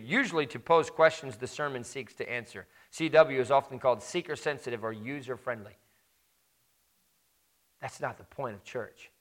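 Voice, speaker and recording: A man preaching a sermon, climbing to loud emphatic peaks and dropping low and quiet, slowing down on the points he stresses. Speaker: pastor.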